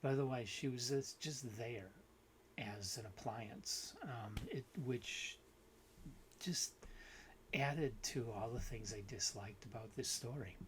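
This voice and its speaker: A man's voice: mid-range voice, fairly bright tone, a little hiss or hum. Man casually reviewing a book. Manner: unhurried, critical, with frequent restarts and fillers. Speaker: book video host.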